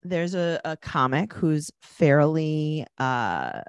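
A woman with a low, deep voice that swings widely as she chats, sarcastic and animated as she acts out what people said. Her voice is close and dry, with no room sound. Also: slow, clean tone, no room sound. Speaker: podcast co-host. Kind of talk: casual chat recapping a reality show.

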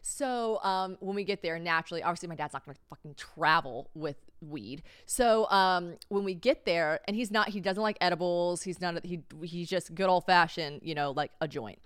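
A woman's voice: fairly low pitch, normal speed, few pauses, a bit bright, clear, resonant tone, no echo, clean studio sound. A young woman hosting a podcast, telling a funny story in a casual, chatty way, swearing freely and often breaking into laughter. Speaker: podcast host.

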